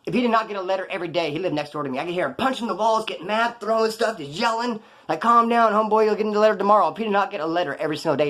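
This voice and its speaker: A man rattles off his stories at a quick clip in a slightly raised voice. He talks in rough street slang, casual and rambling, to the camera. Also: high-pitched, fairly bright tone. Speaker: former prisoner telling stories.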